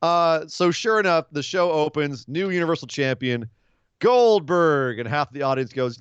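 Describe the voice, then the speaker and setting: A man with a fairly high, lively voice co-hosts a casual podcast chat, sarcastic and profane. He mocks people in quick put-on impressions. The audio is dry and a little dull, like a lo-fi home setup. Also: smooth, no room sound. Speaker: podcast co-host. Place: home studio in Los Angeles.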